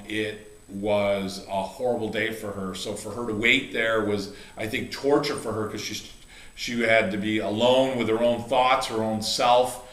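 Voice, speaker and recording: A man's voice: fairly low pitch, a bit bright, echoey room. A middle-aged man, a chiropractor and coach, telling a heartfelt story in a rambling way, with many restarts and fillers. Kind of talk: casual video talk.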